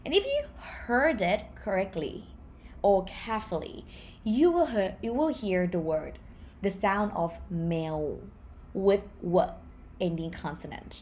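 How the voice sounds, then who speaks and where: Thai accent lady teacher, explains slow and lively, repeats example words, faint noise in the background. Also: mid-range voice. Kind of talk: online language lesson.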